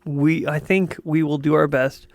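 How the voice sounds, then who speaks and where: Gravelly-voiced man, joking banter. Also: on the high side, little pitch movement, a little slow, no room sound. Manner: joking, crude, teasing banter. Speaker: podcast co-host. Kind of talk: casual chat.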